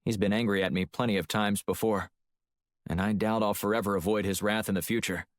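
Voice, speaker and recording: A tough male operative with dry, curt wit, voiced by a male narrator, deep voice, close and dry, spoken for a thriller audiobook. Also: steady tone, brisk, no echo, close to an everyday voice. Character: tough male covert operative, wry, terse.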